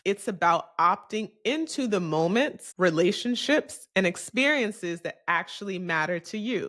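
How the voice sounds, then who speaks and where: A woman hosting her own podcast, talking candidly and reflectively in a solo monologue. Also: medium pitch. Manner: candid and confessional, animated when quoting others. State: briefly emotional. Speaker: podcast host.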